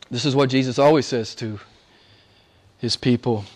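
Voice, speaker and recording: A man preaching a sermon, swinging from hushed, whispered lines to loud, high exclamations, with playful asides and frequent laughs. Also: steady tone, moderate pace, pauses often.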